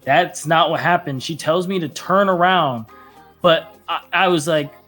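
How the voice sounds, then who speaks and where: A man's voice: a little high, a little slow, pushed and bright, soft background music. A young man telling a rambling story in casual chat, acting out quotes with laughs. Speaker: podcast guest or co-host.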